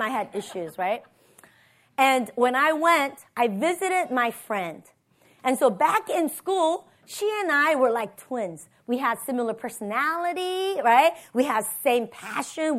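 High-voiced woman pastor preaching. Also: fairly bright tone. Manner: personal storytelling, tags lines with "right?". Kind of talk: conversational sermon.

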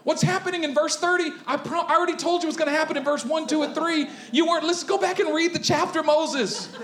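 A man preaching a sermon to his congregation, animated and conversational, raising his voice as he drives points home. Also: extremely high pitch, fast talker, crowd noise. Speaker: pastor. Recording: roomy echo.

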